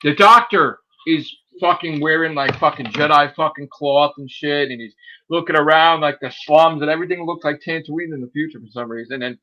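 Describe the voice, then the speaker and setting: A man hosting a podcast, ranting in a heated, profane way and mimicking people in high voices. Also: a little fast, pushed and bright, lo-fi sound, a little hiss or hum. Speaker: podcast host. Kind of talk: heated casual podcast rant.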